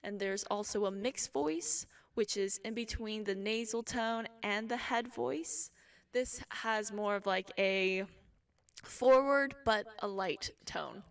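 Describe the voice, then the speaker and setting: A young woman teaching a casual singing lesson, explaining calmly between sung examples. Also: medium pitch, smooth, recorded from a distance. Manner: relaxed explaining, with sung demonstrations. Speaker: vocal instructor.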